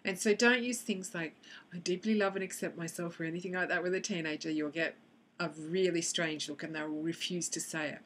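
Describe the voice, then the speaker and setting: Speaking to camera a little fast, a woman from Australia with a fairly low, steady voice teaches tapping for children. As an EFT practitioner, she acts out both sides of a session, with slight background noise present.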